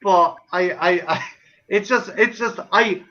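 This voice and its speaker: Bright high-voiced Irish man. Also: unhurried, lo-fi sound. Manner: joking, stammering restarts. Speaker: host. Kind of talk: casual podcast chat.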